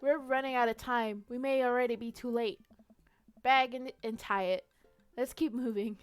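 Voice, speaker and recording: A woman's voice: on the high side, steady tone, smooth. A young woman streaming a detective role-play game, narrating her moves playfully and laughing easily over faint music. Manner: playful, quick to laugh, reads out story text.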